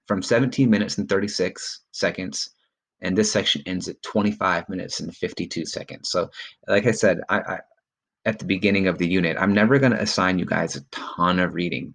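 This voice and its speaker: Male teacher, low voice, encouraging recorded lesson, filler-heavy. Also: creaky. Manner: encouraging, many ums and okays. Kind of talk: recorded remote class lesson.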